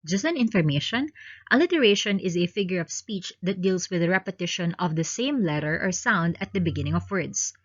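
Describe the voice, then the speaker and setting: A woman's voice: fairly low pitch, lively intonation, a little fast, dull audio. A woman with a Filipino accent reads exam review questions aloud and explains each answer choice in turn, like a teacher. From Philippines.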